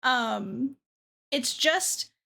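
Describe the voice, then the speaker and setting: A woman's voice: sits high, animated, very slow, gravelly, pushed and bright. A young woman streamer chatting casually to her chat from a dim room at her desk, self-deprecating and trailing off with fillers.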